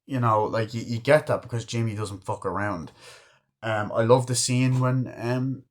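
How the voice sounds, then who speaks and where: A man's voice: medium pitch, moderate pace. A man giving a casual film review. He swears freely, rambles and acts out quoted lines in put-on voices.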